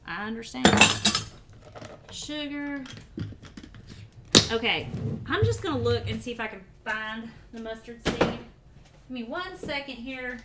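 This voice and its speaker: A woman's voice: on the high side, expressive, unhurried, pauses often, heavy background noise. Chatty woman cooking on stream. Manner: chatty, talks to chat while cooking. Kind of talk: casual cooking livestream chat. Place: home kitchen. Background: pots, pans and dishes clattering.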